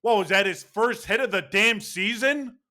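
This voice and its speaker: A man's voice: high voice, normal speed, sharp tone. A man ranting angrily and sarcastically about his baseball team's loss, swearing as he goes. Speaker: baseball fan commentator. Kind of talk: ranting sports commentary.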